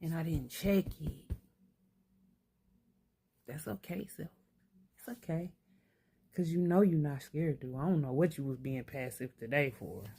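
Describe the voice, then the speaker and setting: An older woman with a low, deep voice, talking straight to camera as she works through her own thoughts. She is blunt and streetwise, curses easily, and sometimes talks to herself aloud. Her speech is candid and unscripted. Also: measured pace, pauses often, warm tone, breathy edge. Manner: swears freely. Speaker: vlogger. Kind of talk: candid self-reflective monologue.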